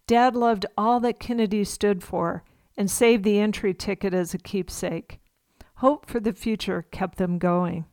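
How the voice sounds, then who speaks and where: A woman in her sixties from California, an author reading her own memoir aloud for radio in a measured, expressive way. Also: mid-range voice, no room sound, studio quality.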